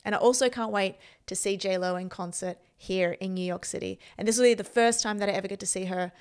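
A woman's voice: mid-range voice, fairly even intonation, fast talker, darkish tone, clean tone. A woman speaking earnestly and with determination to camera in a personal vlog. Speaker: vlogger.

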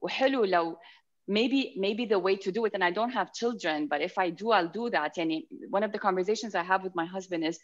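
A woman's voice: mid-range voice, fast talker. A woman from Iraq, a panelist talking animatedly in a casual discussion over a video call, slipping Arabic phrases into her sentences. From Iraq, Mosul. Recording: dull video-call audio.

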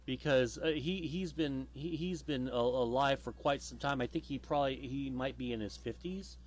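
A man's voice: mid-range voice, normal speed. A man hosting a casual podcast chat, rambling with lots of fillers and the odd swear word. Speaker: podcast host.

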